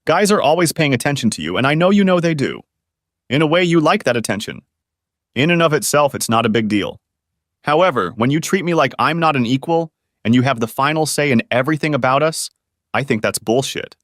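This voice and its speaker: A man's voice: mid-range voice, animated, a little fast, a bit bright, no room sound, clean studio sound. Earnest male story narrator.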